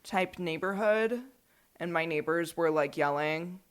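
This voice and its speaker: A woman co-hosting a podcast, chatting loosely and playfully with plenty of fillers. Her voice sits a little low for a woman. She rambles in an easy, joking way. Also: unhurried. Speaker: podcast co-host. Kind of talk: casual chat.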